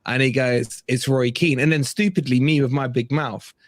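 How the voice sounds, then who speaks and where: A man co-hosting a fan chat show, telling a lively anecdote and acting out quotes. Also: medium pitch, normal speed, dry recording. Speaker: fan channel co-host. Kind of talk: casual storytelling chat.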